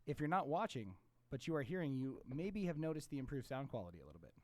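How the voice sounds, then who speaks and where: Loud, joking podcast host guy. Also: medium pitch, big pitch swings, fast talker, no room sound. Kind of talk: casual chat.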